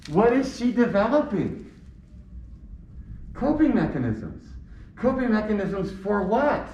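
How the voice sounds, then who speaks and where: A man's voice: high-pitched, a little mellow, a little hiss or hum. Man lecturing in an echoey room. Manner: asks questions and answers them himself. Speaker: teacher. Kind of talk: classroom lecture. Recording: echoey room, distant mic, dull sound.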